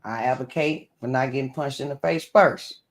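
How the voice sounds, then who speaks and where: Man, co-host, casual chat, relaxed storytelling, gravelly fry in the voice. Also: medium pitch, normal speed.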